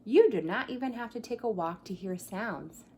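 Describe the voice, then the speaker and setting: A woman's voice: medium pitch, animated, normal speed, a little hiss or hum. A woman who teaches pre-K, reading a picture book aloud to young children at home, acting out the animal sounds and asking them to join in, sometimes dropping to a whisper. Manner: drops to a whisper at quiet moments. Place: her home, by a coffee table.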